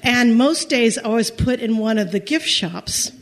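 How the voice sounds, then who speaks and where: High-voiced woman telling a personal story. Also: animated. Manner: halting, repeats words, laughs through the telling.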